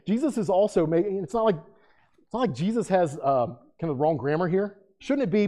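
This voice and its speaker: A man preaching a sermon in a conversational way, reading scripture aloud with loud emphasis. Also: high-pitched, lively intonation, fairly quick. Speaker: pastor.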